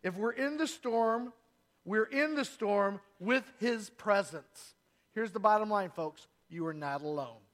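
High-voiced preaching pastor, emphatic. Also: male voice, slow, a bit bright. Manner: preaching with rising emphatic bursts. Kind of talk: sermon. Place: church sanctuary.

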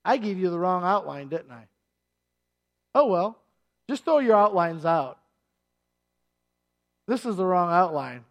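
A middle-aged man with a fairly high voice preaches to a congregation. He retells the story in an animated, conversational way and now and then acts out the shouts and lines of the people in it. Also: unhurried, pauses often, lo-fi sound. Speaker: pastor. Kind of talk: sermon.

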